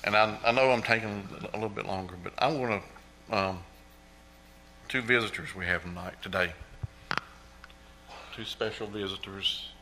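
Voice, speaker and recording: A man's voice: on the low side, fairly even intonation, moderate pace, pauses often, sharp tone, a little hiss or hum, poor audio. A middle-aged man giving an earnest testimony in church, repeating praise often. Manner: earnest, repetitive, exclaims praise. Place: church sanctuary.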